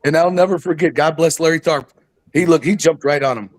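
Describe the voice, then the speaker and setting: Older man, wrestling coach guest, reminiscing, slightly high voice. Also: fairly quick. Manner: reminiscing storyteller. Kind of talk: casual chat.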